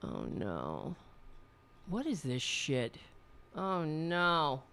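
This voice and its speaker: A woman's voice: deep voice, huge pitch swings, very slow, vocal fry, fairly bright tone, clear, resonant tone. A woman hosting a political livestream, ranting with anger and sarcasm and swearing often. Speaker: host.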